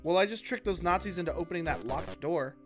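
A man with a slightly high voice chats and jokes while he plays an old shooter on stream, swearing now and then. Game music plays clearly behind him. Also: fast. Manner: joking, playful, swears. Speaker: streamer playing a retro shooter. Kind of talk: casual gaming chat.

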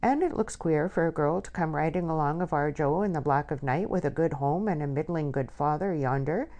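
A woman's voice: deep voice, a little fast, mellow, natural voice. A woman voicing a blunt, motherly older countrywoman who scolds in broad country dialect. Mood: scolding.

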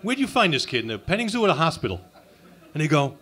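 A man working an open mic stage with a crude, abrasive insult routine. His voice sits a little high for a man, and he talks sarcastically into a handheld mic. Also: big pitch swings, quick pace, a bit bright, husky. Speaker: stand-up comic. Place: comedy club open mic.

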